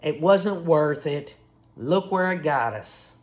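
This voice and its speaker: A woman's voice: low-pitched, animated, slow pace, darkish tone. A woman hosting casual true crime commentary, emphatic and talking straight to her listeners. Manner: emphatic, addresses listeners as y'all.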